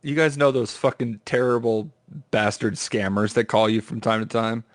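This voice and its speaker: A man's voice: fairly low pitch, moderate pace, dry recording, clean studio sound. A man hosting a casual podcast chat, telling a funny story with laughter. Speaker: podcast host.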